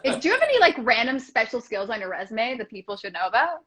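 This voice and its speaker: A woman's voice: a little high, sing-song, quick pace, fairly bright tone, low-quality recording. A woman hosting a casual video call chat, playful and joking, laughing often. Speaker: host.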